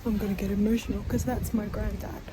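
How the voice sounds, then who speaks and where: A woman vlogging casually to camera while traveling, shifting between playful chatter and quiet emotion. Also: medium pitch, level tone, quick pace, reverberant, heavy background noise. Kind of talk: casual vlog talk to camera. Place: outdoors at cemeteries.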